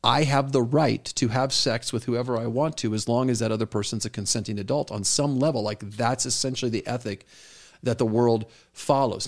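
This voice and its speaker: A man's voice: mid-range voice, fairly even intonation, fairly quick. A middle-aged man, a pastor co-hosting a podcast, talking earnestly and telling stories with quoted dialogue. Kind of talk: conversational podcast talk.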